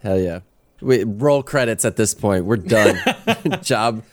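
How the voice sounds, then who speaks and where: A man's voice: fairly low pitch, slow pace. A man playing a tabletop game, talking brashly, swearing often and laughing. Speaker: player.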